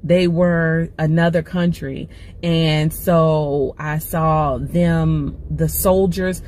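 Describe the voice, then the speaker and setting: A woman recounts a dream slowly and casually, dropping in fillers as she goes. Faint noise and ambience sit behind her. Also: low voice, fairly even intonation, darkish tone.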